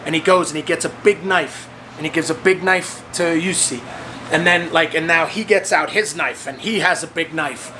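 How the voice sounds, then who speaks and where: A man hosting, telling a story casually and acting out the voices he quotes with big leaps in pitch. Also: normal speed, sharp tone, slight background noise. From United States. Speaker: host of the fitness training program.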